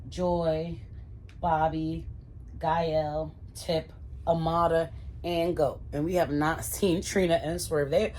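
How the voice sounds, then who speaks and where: Woman vlogger with a deep voice, chatty casual recap delivered straight to viewers. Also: a little mellow, slight background noise. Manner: chatty, addresses viewers as y'all.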